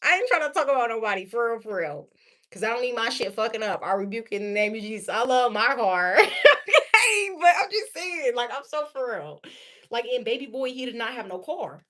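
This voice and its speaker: Tarot lady just talking, cussing and laughing, kinda high voice. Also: fast. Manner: blunt, slangy, profane and animated, laughs often. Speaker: tarot reader. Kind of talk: casual tarot reading monologue.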